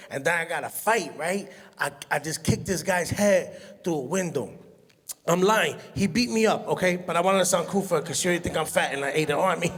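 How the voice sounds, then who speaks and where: A man, doing an animated, self-mocking stand-up comedy set and laughing at his own jokes. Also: high-pitched, fairly quick. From Brooklyn, New York. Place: large hall on stage. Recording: echoey hall sound.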